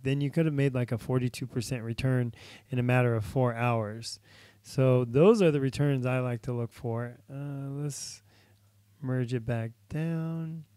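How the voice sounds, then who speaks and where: A man's voice: medium pitch, warm tone, clean tone, no room sound. A young man hosting a casual trading tutorial, talking through charts with many fillers while he is losing his voice. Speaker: crypto trading channel host.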